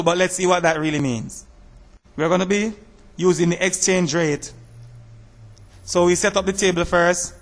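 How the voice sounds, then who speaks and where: Man, math teacher, measured step-by-step explaining, somewhat high voice, long reverb. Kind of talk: slide-based math lesson.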